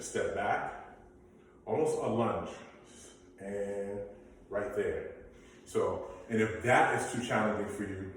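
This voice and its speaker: A fitness instructor with a lowish voice leads a basic workout class, giving coaching cues and counting down reps. The room is very echoey, the mic is far off, and there's slight background noise.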